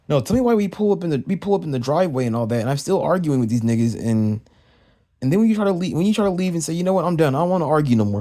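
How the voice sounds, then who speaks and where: A young man ranting heatedly in a casual vlog, swearing often and repeating himself as he vents. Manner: profane, heated, repetitive ranting; swings high and loud when mimicking others. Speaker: vlogger ranting. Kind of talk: casual rant.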